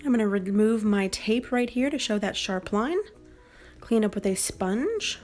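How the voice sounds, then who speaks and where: A young woman calmly explaining each step of a makeup tutorial in voice-over. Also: mid-range voice, measured pace, soft background music. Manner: calm, step-by-step instructional. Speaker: beauty vlogger.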